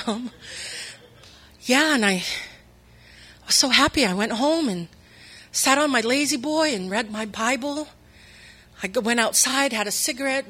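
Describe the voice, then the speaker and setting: A woman's voice: on the high side, sharp tone. A woman telling a personal faith testimony in an earnest, emotional way, acting out the voices of people she quotes. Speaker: speaker sharing her testimony.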